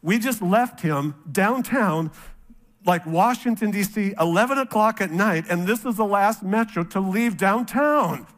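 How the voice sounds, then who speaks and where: Man, pastor, middle-aged, from North Dakota, high voice, animated storytelling sermon. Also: measured pace.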